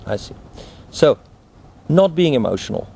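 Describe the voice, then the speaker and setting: A man's voice: a little high, big pitch swings, normal speed, gravelly, warm tone, slightly rough. A man hosting an interview, asking probing, hesitant questions. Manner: probing, hesitant, searching for words. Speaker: interviewer, host.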